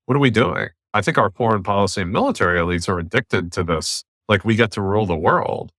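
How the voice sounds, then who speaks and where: Man, podcast host, from the US, low voice, opinionated and blunt, dry close sound. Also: quick pace, no echo. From United States. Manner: blunt, opinionated, animated rants. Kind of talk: casual podcast discussion.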